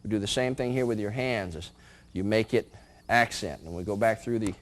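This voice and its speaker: A man with a fairly low voice leads a martial arts lesson indoors. He calls out each strike and step as he performs it, with short chuckles between the counts. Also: brisk. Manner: calls out moves while performing them. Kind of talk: demonstrating martial arts moves. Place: indoor training room.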